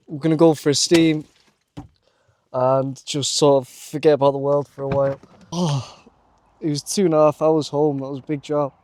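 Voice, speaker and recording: A young man with a Lancashire accent, vlogging to camera on a handheld camera, chatty and excitable and calling the viewer mate. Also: a little high. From North West England. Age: young adult. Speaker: vlogger pitching to bars. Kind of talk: casual vlog to camera.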